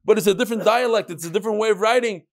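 A man teaching a Talmud class, asking and answering his own questions in an animated, rhetorical way. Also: high-pitched, rapid-fire.

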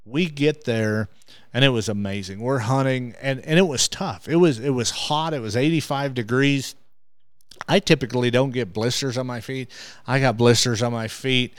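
A man who hosts a hunting show, telling stories as an interview guest. He gets animated and restarts his words when excited. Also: medium pitch, normal speed, clear, resonant tone, dry recording. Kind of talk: animated storytelling.

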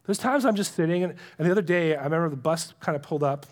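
A man's voice: fairly high pitch, very fast. A man preaching a sermon in a conversational, earnest way, dropping to a near whisper to stress a point. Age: adult with young children. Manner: conversational and earnest, drops to a hush for emphasis. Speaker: pastor.

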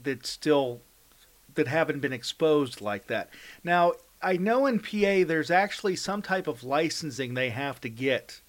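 A man hosting a radio interview, curious and halting, often restarting his words. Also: fairly high pitch, a bit bright. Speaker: radio host.

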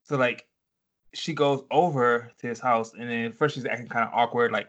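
A man's voice: medium pitch, steady tone, normal speed, a bit bright. A man co-hosting a casual podcast chat, recapping a TV episode in a laid-back way and swearing freely. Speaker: podcast co-host.

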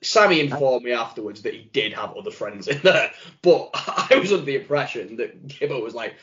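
A man's voice: medium pitch, lively intonation, brisk. A man co-hosting a running podcast, telling rambling, sweary anecdotes in a casual way. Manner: chatty storyteller who swears and loudly acts out quotes. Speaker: podcast co-host. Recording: muffled lo-fi audio.

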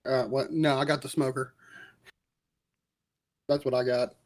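A man's voice: medium pitch, little pitch movement, a little slow. A man co-hosting a podcast in casual chat, laid-back and wisecracking, swearing now and then. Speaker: podcast co-host.

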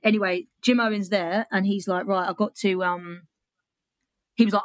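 A young woman with a British accent, a comedian who talks in a loose, chatty way and laughs between lines. Her voice sits at a middle pitch. The sound is dry and close, with no room behind it. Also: fairly even intonation, fast, no room sound. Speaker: comedian and poet. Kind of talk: casual storytelling, then poetry reading.

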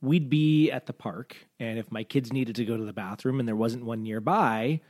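A man's voice: medium pitch, normal speed, a little mellow, no echo, studio quality. A man hosting a podcast interview, chatting casually and laughing along with his guest. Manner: easygoing, laughs along, brief agreeing replies. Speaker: podcast host; father. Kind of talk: casual chat.

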